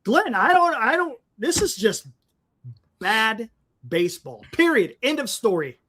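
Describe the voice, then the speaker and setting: A man's voice: extremely high pitch, big pitch swings, unhurried, sharp tone. A man co-hosting a fan sports talk stream, ranting in frustration and often repeating words. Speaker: podcast co-host.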